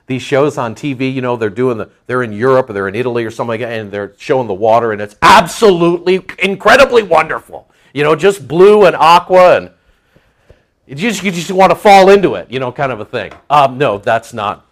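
A middle-aged male pastor preaching a folksy, animated sermon, joking with his congregation and acting out voices. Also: medium pitch.

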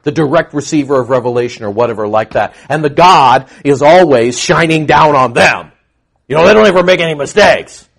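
Middle-aged guy preaching a bible study sermon, kinda high voice, gets loud and fired up then drops soft again. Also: a little fast, creaky, husky. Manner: animated, shifts from quiet explanation to loud emphatic outbursts. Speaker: pastor. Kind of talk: expository sermon.

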